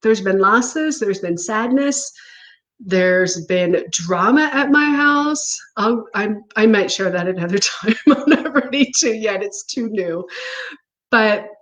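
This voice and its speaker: A woman's voice: mid-range voice, animated, takes it slowly, fairly bright tone, rough recording. A woman talking to her viewers from home, earnest and encouraging, with a laugh now and then. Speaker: spiritual coach. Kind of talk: casual talk to viewers.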